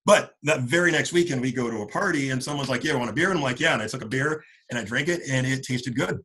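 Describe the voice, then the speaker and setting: A man's voice: medium pitch, fast, breathy edge, low-quality recording. A man in his late forties telling a long college story to old friends, rambling with lots of "like" and acting out what his friends said. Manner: acts out friends' lines in animated voices.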